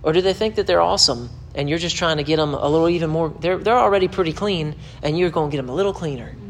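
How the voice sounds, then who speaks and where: With a fairly high voice and a quick pace, a pastor preaches a sermon-style teaching straight to camera, over a little hiss or hum. He hammers points emphatically and repeatedly, his voice rising as he presses them.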